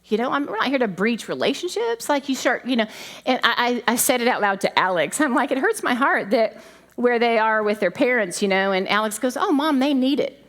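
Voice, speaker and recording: Middle-aged female preacher, conversational sermon, high voice with a wide, lively pitch range. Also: a little fast. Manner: animated, conversational, laughing asides. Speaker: pastor's wife preaching.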